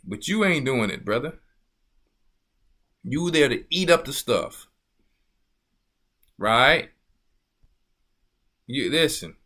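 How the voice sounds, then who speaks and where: Bright-voiced preaching man, emphatic. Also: medium pitch, lively intonation, takes it slowly, long pauses. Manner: emphatic, rhetorical questions, scolding. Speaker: church elder. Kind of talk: preaching talk.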